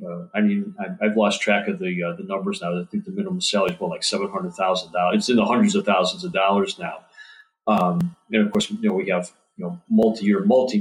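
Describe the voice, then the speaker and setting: A man's voice: lowish voice, poor audio. A man who writes books on baseball, answering interview questions in an earnest, thorough way. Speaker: baseball author guest.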